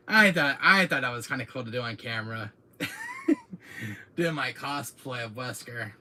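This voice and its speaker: A man hosting his own channel, chatting casually to viewers in an excitable, rambling way, often laughing and repeating himself. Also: medium pitch, unhurried. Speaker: channel host. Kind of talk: casual vlog chat to viewers. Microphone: camera mic, seated in chair.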